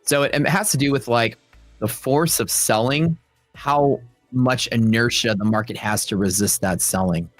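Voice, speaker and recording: A man's voice: medium pitch, moderate pace, dry recording, soft background music. A young adult man hosting a trading livestream, chatting casually with his audience and telling stories with playful quoted voices. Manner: joking, animated storytelling with quoted voices. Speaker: livestream host. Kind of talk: casual chat with live chat.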